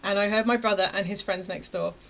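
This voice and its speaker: A woman's voice: medium pitch, steady tone, brisk, creaky, a bit bright. A woman in her thirties, a course creator, telling a chatty story to camera and acting out her own reactions. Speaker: web design course creator.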